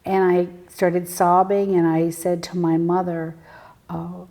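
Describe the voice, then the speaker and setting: A woman guest telling personal stories in an interview, earnest and reflective, halting with fillers and sometimes sinking to a near whisper. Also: lowish voice, level tone, mellow. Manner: halting, with frequent fillers and restarts. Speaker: guest, spiritual medium.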